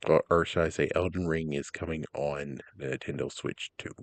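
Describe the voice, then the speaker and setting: A young man casually commenting on game announcements, rambling, ranting loudly at times and then trailing off into mumbles. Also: extremely low pitch, sing-song, normal speed, gravelly, no room sound. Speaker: gaming vlogger.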